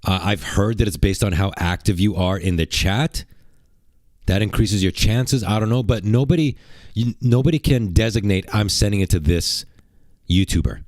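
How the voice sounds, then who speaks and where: A man streaming live, chatting brashly and excitably to his viewers and reading out gifts. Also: on the low side, moderate pace, no room sound, studio quality. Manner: brash, excitable, talks to chat. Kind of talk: casual livestream chat.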